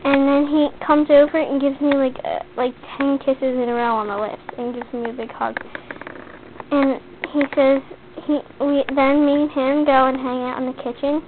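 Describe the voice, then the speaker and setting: Teen girl vlogger, high voice, rambling and chatty, tinny phone-like audio with a faint hiss. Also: little pitch movement, normal speed. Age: teens. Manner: chatty, rambling, heavy use of "like". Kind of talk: casual rambling story.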